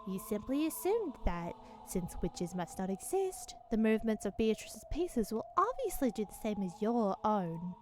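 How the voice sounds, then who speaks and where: A woman voicing an eerie little girl who lectures slowly and ominously during a casual visual novel read-along. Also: mid-range voice, sing-song, darkish tone, a little hiss or hum, pitched below the performer's own voice, lightly acted.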